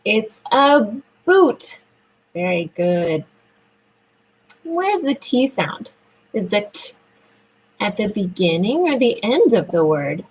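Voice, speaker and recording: A woman speech therapist leading a children's sound lesson, praising often and drawing out words slowly in a sing-song way. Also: medium pitch, big pitch swings, darkish tone, slightly rough, rough recording.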